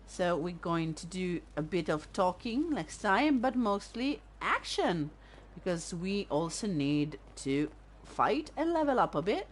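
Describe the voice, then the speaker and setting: A woman's voice: on the low side, very animated, a little slow, slight background noise. A woman streaming a video game, chatting casually and thinking aloud as she plays. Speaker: let's-play streamer. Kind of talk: casual gameplay commentary.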